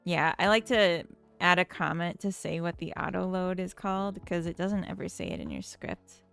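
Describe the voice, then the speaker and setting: Working on her game code during a stream, a woman chats casually with viewers, taking her time and reading their comments. Her fairly low voice is animated and a bit bright, with vocal fry, and soft music plays in the background.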